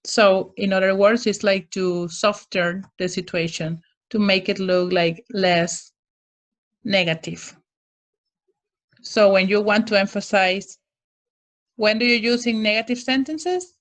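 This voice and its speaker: A woman teaching English grammar in a recorded lesson, explaining slowly and carefully with frequent restarts. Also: medium pitch.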